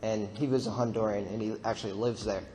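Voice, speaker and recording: A man's voice: lowish voice, steady tone, fast talker, dark tone, in a large hall, a little hiss or hum. A young man casually recounting a mission trip while narrating a slideshow, rambling with fillers and laughs. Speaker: mission trip member giving testimony.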